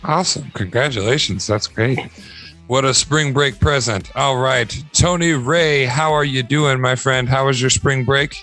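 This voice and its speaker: A man's voice: medium pitch, measured pace, a bit bright, soft background music. An upbeat man from Ohio hosting a casual podcast chat, laughing often. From Northern Ohio. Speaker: podcast host.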